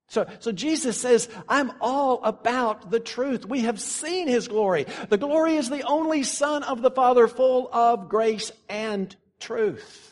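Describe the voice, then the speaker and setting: A pastor preaching a sermon earnestly, slowing down to stress key phrases and pausing for effect. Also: male voice, very high-pitched, in a large hall. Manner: earnest preaching with dramatic pauses and slow emphasis.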